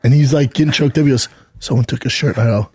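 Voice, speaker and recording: A man's voice: medium pitch, quick pace, breathy edge, no room sound, studio quality. A man co-hosting a podcast, telling a story in casual chat and quoting the people in it. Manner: animated anecdote with quoted dialogue. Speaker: podcast co-host.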